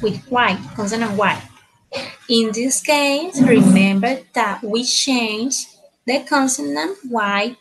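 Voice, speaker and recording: Woman teacher, measured unhurried delivery, keeps checking in with "okay?". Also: a little high, a bit bright, husky, poor audio. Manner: slow, repeats words, ends phrases with tag questions. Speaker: English teacher. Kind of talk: slow grammar lesson.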